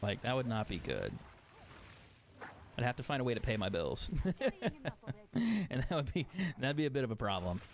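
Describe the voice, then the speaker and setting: A man's voice: mid-range voice, sing-song, moderate pace, long pauses, slight background noise. A man streaming a video game, chatting casually, swearing often and laughing at himself. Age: adult. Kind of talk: casual chat while gaming.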